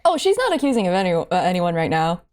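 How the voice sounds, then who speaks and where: A woman's voice: on the low side, big pitch swings, darkish tone. A woman hosting a casual game stream, giggly and playful. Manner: giggly, playful, quick to laugh. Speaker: streamer and host.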